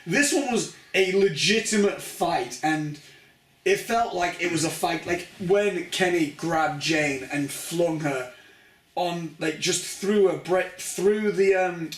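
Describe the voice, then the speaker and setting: Man, high voice, excitable, casual game chat, roomy echo, distant mic. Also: slow. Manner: excitable, acts out characters' lines. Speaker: video game reviewer.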